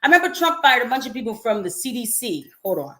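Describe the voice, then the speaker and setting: A young adult woman hosting a casual commentary livestream, chatty and animated, with frequent laughs and asides to her viewers. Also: a little high, fast. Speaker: livestream host.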